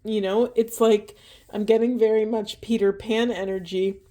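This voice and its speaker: A woman giving a spiritual card reading in an earnest, emotional way, asking gentle questions, her voice going hoarse. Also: medium pitch, steady tone, normal speed. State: losing her voice. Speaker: tarot and oracle reader.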